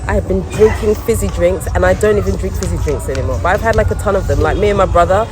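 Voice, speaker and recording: A woman's voice: mid-range voice, quick pace, rough recording. A middle-aged woman, chatting and laughing to camera as a vlogger, recorded on a handheld phone. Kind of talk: casual chat to camera. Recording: music playing over the voice.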